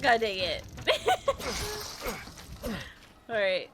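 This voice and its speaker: A woman's voice: fairly high pitch, huge pitch swings, drawn-out words, noisy background. A tipsy woman streamer chatting casually while playing a game, hiccuping, giggling and swearing often. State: tipsy from drinks. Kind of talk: casual gaming stream chat.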